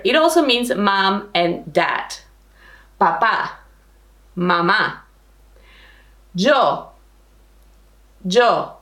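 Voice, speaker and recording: Woman teacher for a language lesson: slow, clear drills, lively pitch, echoey room. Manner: slow, careful modeling of pronunciation. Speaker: Spanish teacher.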